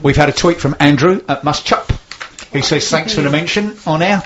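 A man's voice: a little high, normal speed, highs cut off, crowd noise. A man hosting a local radio show, reading out listener tweets with a dry, jokey and upbeat manner. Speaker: radio host. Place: radio studio.

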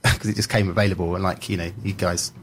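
A man's voice: deep voice, level tone, quick pace, fairly bright tone, a little hiss or hum. A man, a media trainer and journalist, telling anecdotes in a casual podcast chat with emphatic energy.

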